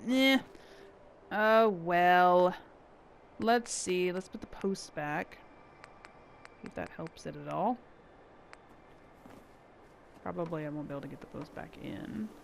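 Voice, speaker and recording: A woman talks through her gameplay in an unhurried, muttering way, thinking aloud as she goes. Her voice has a gravelly, fry-tinged edge. A steady background hiss runs under the recording. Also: lowish voice. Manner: thinking aloud, muttering to herself while building. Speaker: gameplay channel host. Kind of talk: casual gameplay commentary.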